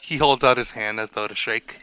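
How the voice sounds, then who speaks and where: Bright-voiced man running a tabletop game. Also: mid-range voice, fairly even intonation, slight background noise. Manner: casual, quick bursts with fillers. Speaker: game master.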